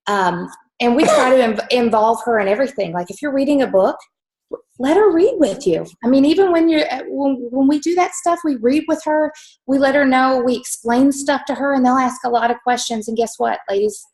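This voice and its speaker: A chatty woman co-hosts a talk and tells family stories to an audience. Her voice sits fairly high, and her delivery is animated and full of little fillers. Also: brisk, rough recording. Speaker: host. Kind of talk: storytelling to an audience.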